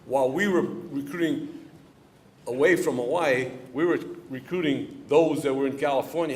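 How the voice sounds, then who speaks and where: At a moderate pace and in a mid-range voice, a middle-aged head football coach answers questions from the audience at a club luncheon. He's plainspoken, with a coaching-talk rhythm, and repeats key lines for emphasis, in an event hall before a live audience.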